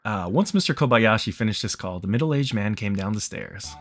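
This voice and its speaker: Guy reading a visual novel out loud, jokey and casual. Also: fairly low pitch, animated, fairly quick, soft background music. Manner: casual, joking, laughs a lot. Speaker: streamer reading a game.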